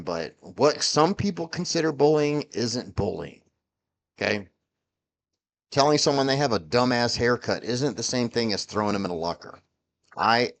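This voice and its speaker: A middle-aged man vlogging a heated, profane political rant, rambling and restarting his sentences often. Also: mid-range voice. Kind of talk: ranting political commentary.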